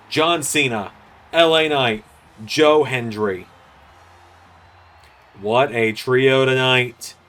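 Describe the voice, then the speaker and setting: A man with a mid-range voice hosts and commentates on a wrestling video game series, delivering chatty, excitable play-by-play full of jokes.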